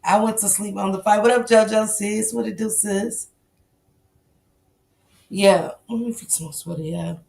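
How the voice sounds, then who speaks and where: Gravelly woman greeting livestream chatters. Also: medium pitch, steady tone, a little slow, pauses often, a little mellow, slight background noise. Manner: greets viewers by name in slangy banter. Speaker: livestream host. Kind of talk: casual livestream chat.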